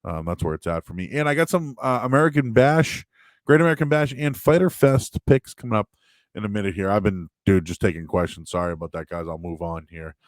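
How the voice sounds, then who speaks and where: A man hosting a show, chatting casually and answering viewer questions in a rambling, animated way with sudden loud, high bursts. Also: brisk, no room sound. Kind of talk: casual live-stream chat.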